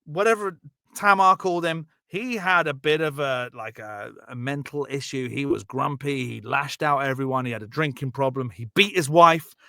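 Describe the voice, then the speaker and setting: A man telling a Bible story as a rambling, profane, jokey comedy podcast bit, slipping into quick character voices. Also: medium pitch, creaky, pushed and bright, dry recording, studio quality.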